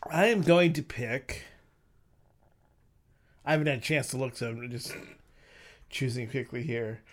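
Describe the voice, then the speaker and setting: A man's voice: mid-range voice, unhurried. A man co-hosting a casual chat show, talking hesitantly with lots of fillers. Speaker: podcast co-host. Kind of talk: casual banter with friends.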